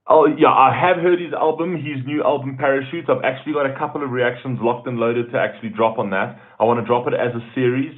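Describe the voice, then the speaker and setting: A man with a South African accent hosting a casual live stream, chatting loosely and greeting viewers by name as he reads their comments. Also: medium pitch. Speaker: YouTube host reading live chat. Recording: tinny phone-like audio.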